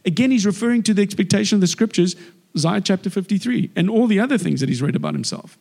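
A man giving a lively, conversational sermon and acting out the people in the story. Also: high voice, quick pace, gravelly. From South Africa. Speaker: guest preacher. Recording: long hall reverb.

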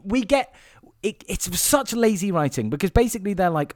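A man's voice: high-pitched, animated, moderate pace. A man co-hosting a casual film-review chat, rambling and sweary, acting out scenes in mocking voices. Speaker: podcast co-host reviewing a film.

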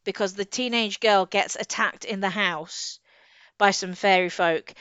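A woman co-hosting a casual book discussion, chatty and quick to laugh, often trailing off and restarting. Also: medium pitch, a bit bright, clean tone, dry recording. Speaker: podcast co-host. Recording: slightly dull lo-fi audio.

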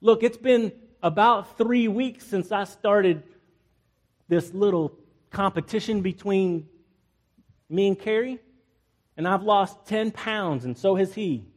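A male pastor with a fairly high voice delivers a relaxed, conversational sermon. He jokes with his listeners and acts out the people in the story as he goes. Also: slow pace, pauses often. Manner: acts out biblical characters in playful asides, jokes with the congregation.

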